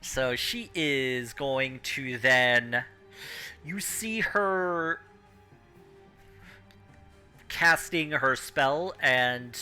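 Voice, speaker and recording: A man running a tabletop game as game master, pausing often with ums while he checks the rules. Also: a little high, sharp tone.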